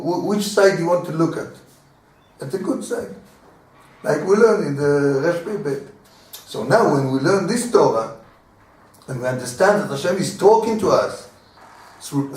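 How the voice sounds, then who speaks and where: Animated rabbi man in an echoey room. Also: fairly high pitch, distant mic. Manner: animated, repeats words, acts out little dialogues with laughs. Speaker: rabbi teaching a class. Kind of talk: informal Torah lesson.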